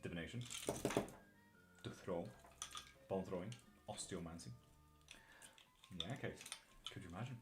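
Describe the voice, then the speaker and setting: A man with a wandering Irish-British accent chats on a live tarot stream, his voice sitting on the low side. He swears offhand, laughs often and answers viewers one by one. Soft music plays quietly underneath. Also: unhurried, long pauses. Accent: mixed Irish-British. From Sweden. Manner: chatty, swears casually, laughs often, reads chat aloud. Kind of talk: casual live-stream chat. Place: home streaming setup in England.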